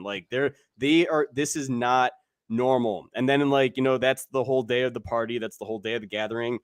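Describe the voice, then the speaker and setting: A man's voice: medium pitch, a little fast, clean tone, dry recording, clean studio sound. A young man hosting a podcast, talking casually about a movie, rambling with lots of filler and swearing. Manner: rambling, heavy "like" filler, profane. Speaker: podcast host.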